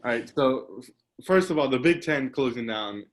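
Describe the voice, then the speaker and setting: Over a video call, a young man hosting a laid-back podcast tells meandering stories at a normal pace, his medium-pitched voice expressive. He laughs frequently and keeps saying "like."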